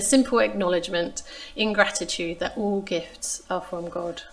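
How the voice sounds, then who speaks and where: A woman preaching a sermon, retelling a Bible story in a measured, expressive way. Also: fairly low pitch. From England. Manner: measured, expressive reading of scripture.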